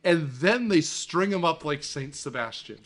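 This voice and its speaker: A man hosts a casual movie podcast, his voice swinging lively up and down as he recounts scenes. He talks with animated energy and drops the odd swear. His voice sits a little high for a man. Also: a little slow. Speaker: podcast host.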